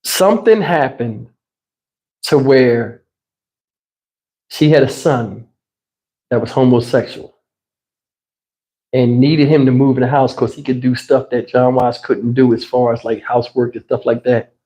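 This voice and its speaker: A man hosting a livestream, telling a wild personal story in an excitable, conversational way. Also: medium pitch, measured pace, long pauses. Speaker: channel host.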